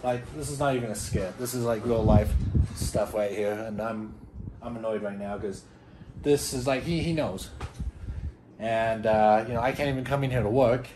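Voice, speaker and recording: A man's voice: on the low side, normal speed, background noise. A man in his thirties, a dad hosting a family vlog, venting in an exasperated, rambling way full of fillers, filmed on a handheld camera at home. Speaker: dad and family channel host. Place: family home, office and basement.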